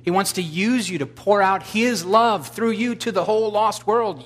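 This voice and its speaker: A man's voice: sits high, moderate pace, vocal fry, hardly any pauses, a bit bright. A man preaching a sermon with emphatic delivery. He questions his congregation, adds wry, blunt humor, and builds to fervent exclamations. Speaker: pastor.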